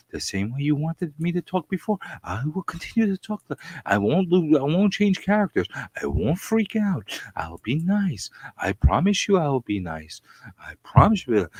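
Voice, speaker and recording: A man on a live stream doing a mock-seductive, hushed, calm voice in a low, breathy half-whisper. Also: no room sound. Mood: sultry. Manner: slow, soft, teasingly sultry. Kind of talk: live-stream comic put-on voice.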